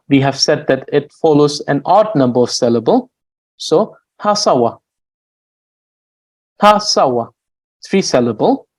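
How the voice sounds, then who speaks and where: On a rough recording, a man teaches grammar in a mid-range, darkish voice. He's a patient language teacher who goes slowly, restarts often, leans on fillers, and stretches out his example words.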